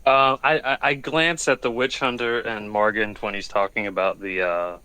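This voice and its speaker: A man's voice: fairly low pitch, fairly even intonation, moderate pace, sharp tone, clean tone, dry recording, rough recording. A man playing a tabletop game, speaking in and out of character with wry jokes. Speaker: player.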